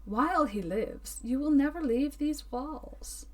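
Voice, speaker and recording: A woman reader voicing a callous male madhouse keeper who speaks in a cold, measured, matter-of-fact way. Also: high voice, lively intonation, darkish tone, voice pushed up.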